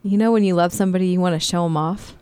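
A woman in a casual Bible study reads scripture aloud plainly. Her voice is low and mellow, and the recording is dry and close. She answers in discussion with a warm, sincere manner. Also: fairly even intonation, very fast, clear, resonant tone, no room sound.

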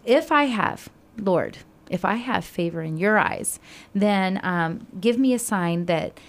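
A woman's voice: animated, takes it slowly. A woman voicing a fearful, doubting young man who whines and pleads in a raised voice while telling a story. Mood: pleading. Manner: pleading, whiny, high-pitched questioning.

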